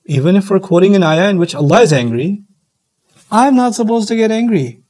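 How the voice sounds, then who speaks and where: Man, middle-aged, sermon lecture, high-pitched, animated delivery. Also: a little fast, poor audio. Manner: animated, acts out quoted voices, quotes Arabic text. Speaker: Islamic speaker.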